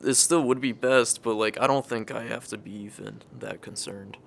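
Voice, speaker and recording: A man's voice: on the low side, steady tone, normal speed, gravelly. A young man from California tells a story in a laid-back, casual way, swearing freely and laughing often as he goes. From California, United States. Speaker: vlogger.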